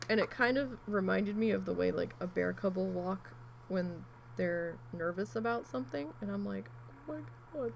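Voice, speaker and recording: Chatty woman with a gravelly voice. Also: mid-range voice, normal speed, slight background noise, rough recording. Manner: rambling, chatty, animated retelling with frequent asides and mild swearing. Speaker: crafting vlogger. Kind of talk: casual storytelling while needle felting.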